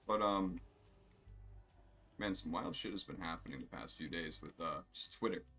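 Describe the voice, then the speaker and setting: Male streamer, low voice, casual rambling play-by-play, swears a lot, faint music underneath. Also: moderate pace, bright, forceful tone. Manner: rambling, profane, self-amused. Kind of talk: casual gameplay commentary.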